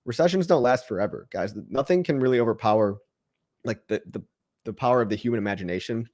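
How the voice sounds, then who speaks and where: A man talks straight to his livestream audience in a loose, rambling pep-talk voice, often restarting his words. His pitch sits in the ordinary middle for a man, and he keeps the mood upbeat and encouraging. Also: darkish tone. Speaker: livestream host answering chat questions. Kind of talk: casual motivational rant.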